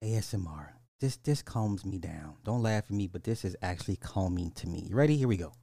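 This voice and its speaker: A man hosting a casual live show, greeting chat viewers by name in an animated, playful way. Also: deep voice, fairly quick, dry recording. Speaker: host.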